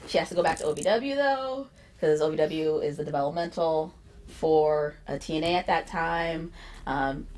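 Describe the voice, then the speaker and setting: A woman hosting a casual interview, expressive and excitable, jumping into high squeals when she quotes reactions. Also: moderate pace. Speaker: interview host.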